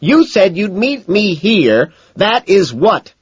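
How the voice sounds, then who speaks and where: A man's voice: high voice, sing-song, slow pace, slightly rough, no echo, dull audio, voice pushed up, exaggerated voice. An audiobook narrator voicing a young woman who hisses and screams angrily down the phone. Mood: shrill, furious. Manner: hissing, screaming.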